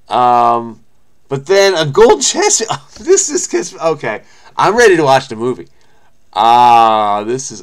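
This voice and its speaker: Guy reading stuff out loud and reacting a lot, average pitch, keeps interrupting himself. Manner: excitable, interrupting himself with exclamations; reads an article aloud, then reacts. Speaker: crossword video host. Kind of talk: reading aloud with running commentary.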